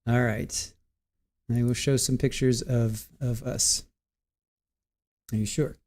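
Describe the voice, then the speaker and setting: A man's voice: medium pitch, level tone, slow, darkish tone. Rambling middle-aged man streaming live. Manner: rambling, stumbles and restarts words, reads chat aloud. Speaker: livestream host. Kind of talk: casual livestream chat.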